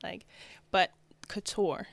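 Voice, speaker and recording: This young New Jersey woman, a fashion designer, chats as a guest in a relaxed interview, upbeat and talkative and sprinkling in plenty of "like" and "you know." She speaks slowly, and there's no echo.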